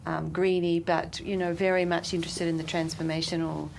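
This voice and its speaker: Soft, creaky-voiced Australian woman. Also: on the low side, little pitch movement, a little fast, slight background noise. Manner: soft-spoken, hesitant with many fillers. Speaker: guest. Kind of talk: interview.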